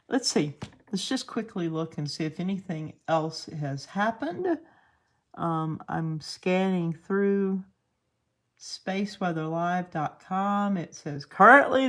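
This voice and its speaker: A woman with a Southern US accent, just woken up and sleepy, chatting casually through a live stream as she thinks aloud over space weather charts. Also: lowish voice. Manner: chatty, laughs often, thinks aloud while scanning charts.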